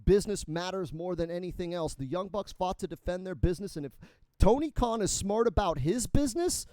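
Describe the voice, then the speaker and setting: A man's voice: sits high, animated, fairly quick, mellow, clear, resonant tone, dry recording. A man co-hosting a podcast, ranting heatedly with lots of swearing in casual chat. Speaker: podcast co-host.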